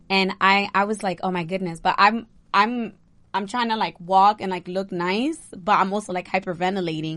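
A young woman, a bride, chatting casually and telling an animated story with lots of "like". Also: medium pitch, fairly quick, no echo. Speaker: bride recounting her wedding. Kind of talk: casual chat.

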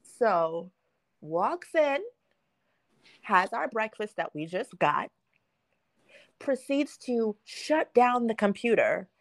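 A woman's voice: fairly high pitch, very animated, slow pace, long pauses, no echo. A young adult woman hosting a podcast, telling a story in casual chat and acting out the quotes, laughing often. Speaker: podcast host.

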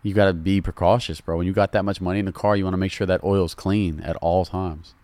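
A man with a Southern drawl talks in a deep, low register, loose and unhurried. He chats casually as a podcast guest, throwing in "bro" often. The sound is dry and close. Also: steady tone, a little mellow, no echo. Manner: laid-back, loose, calls people bro. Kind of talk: casual chat.

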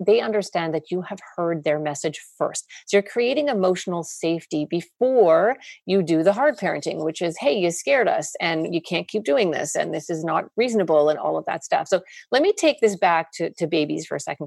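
A woman therapist talks through her method in an interview, with a gravelly, slightly husky voice. She explains steadily and slips into quoted voices of parents and kids. The sound is close and dry. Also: fairly low pitch, darkish tone, dry recording. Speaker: child and family therapist.

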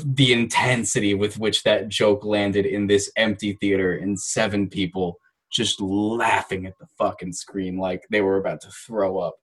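A young man with a fairly low voice talks through personal stories on a podcast. He is reflective and earnest, then breaks into bursts of animated laughter. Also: poor audio. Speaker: podcast guest. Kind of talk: casual podcast chat.

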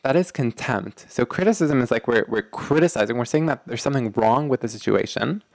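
A man's voice: mid-range voice, animated, brisk, dry recording. A man hosting a relationship advice talk, speaking earnestly and emphatically, often checking in with the listener and rambling with many fillers. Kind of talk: direct-to-audience advice talk.

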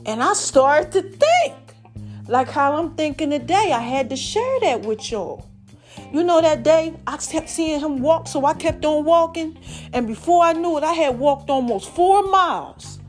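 Expressive woman podcast host telling a story. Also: high voice, moderate pace, soft background music. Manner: animated, acts out quoted voices of family; emotional, conversational, preacherly encouragement at the end.

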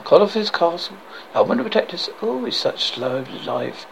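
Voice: mid-range voice, sing-song, normal speed, vocal fry, slight background noise. A reader putting on a flirtatious castle maiden. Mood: coaxing. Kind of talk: amateur film-script reading. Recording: dull lo-fi recording.

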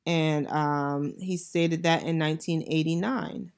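A woman's voice: sits low, steady tone, unhurried, creaky, darkish tone, smooth. A woman hosting a podcast, talking in a reflective, conversational way, with frequent fillers and restarts. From United States. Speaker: podcast host. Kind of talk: solo podcast commentary.

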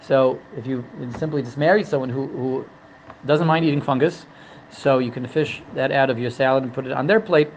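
A man's voice: medium pitch, a little fast, dull audio, slight background noise. A man teaching a religious text, humorous and digressive, often repeating and restarting his phrases. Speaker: Torah teacher. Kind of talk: religious lesson.

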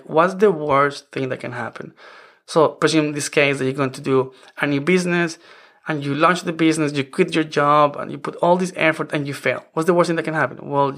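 A man's voice: fairly high pitch, a bit bright. A man in his forties, not a native English speaker, hosting a self-help podcast in an earnest, rambling way. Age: 40s. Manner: earnest, rambling with many "I mean" restarts. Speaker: podcast host.

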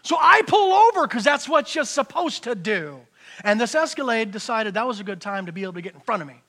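A middle-aged pastor preaching with a high, bright voice. He tells his stories with energy, swinging between shouts and quiet, hushed asides. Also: very animated, fairly quick. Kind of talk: sermon.

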